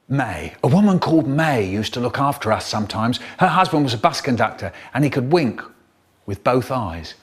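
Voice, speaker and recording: A man performing a childhood story in an expressive, theatrical way, with acted-out voices. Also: medium pitch, moderate pace, husky.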